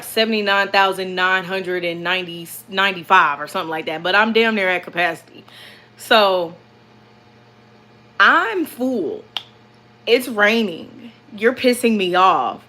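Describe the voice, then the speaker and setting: A young woman tells a story to her viewers in an animated, rambling way, repeating herself and calling out to them. Her voice is bright and clear, at a middle pitch. She talks casually from the cab of her truck. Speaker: vlogger.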